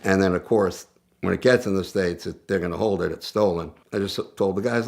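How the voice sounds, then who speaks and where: Gravelly low-voiced man telling a story. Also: a little fast. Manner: animated, conversational, self-interrupting. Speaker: guest storyteller. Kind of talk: casual storytelling.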